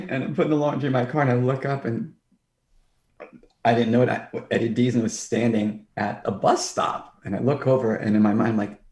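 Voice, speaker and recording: A man, a film director talking on a podcast, who tells stories with excitement and acts out quotes in a higher voice. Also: normal speed, reverberant. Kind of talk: casual chat.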